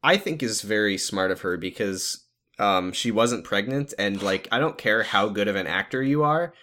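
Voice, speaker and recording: A man's voice: fairly low pitch, expressive, moderate pace, pushed and bright. A man co-hosting a podcast, casually and sarcastically recapping a TV episode with lots of restarts. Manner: sarcastic, rambling, frequent restarts. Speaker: podcast co-host.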